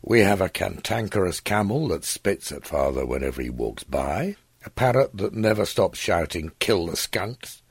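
Older man, anxious and careful, put on by the male narrator; lively, husky. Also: low voice, normal speed, dry recording, pitched above the performer's own voice, heavily acted.

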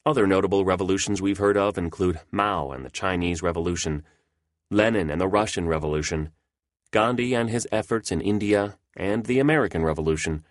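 A man's voice: sits low, brisk, no room sound, clean studio sound. A man narrating humorous history in a wry, playful way.

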